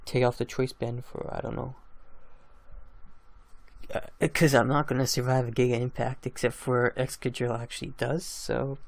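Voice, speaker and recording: A drowsy young man who just woke up recaps his online game battles for his gaming channel, rambling casually and laughing at his own plays. His mid-range voice is flat, with vocal fry, at a moderate pace.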